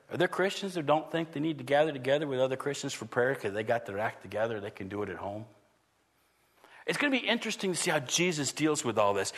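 High-voiced man preaching a sermon. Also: bright, forceful tone. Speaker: pastor.

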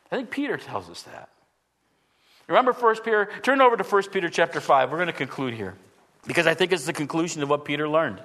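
High-voiced preaching man, in a reverberant hall. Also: lively intonation, a little fast. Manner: dynamic preaching, swinging from loud emphatic lines to hushed low ones. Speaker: pastor. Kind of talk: sermon.

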